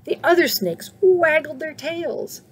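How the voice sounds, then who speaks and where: A middle-aged woman from the United States reading a children's storybook aloud at church, slow and expressive, asking questions of the children listening. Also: high-pitched, a little hiss or hum. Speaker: faith formation director reading to children. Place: church setting.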